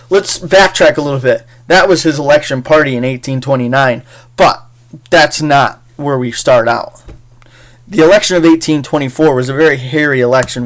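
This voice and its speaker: A man teaching a casual history lecture in a chatty, jokey way with frequent fillers. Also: mid-range voice. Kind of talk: casual recorded class lecture.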